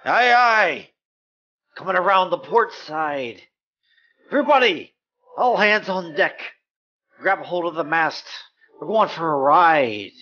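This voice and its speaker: A man voicing an eager adult male pirate helmsman who calls out orders loudly. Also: a little high, lively intonation, slow pace, long pauses, dull audio, a little hiss or hum, voice pushed up, exaggerated voice.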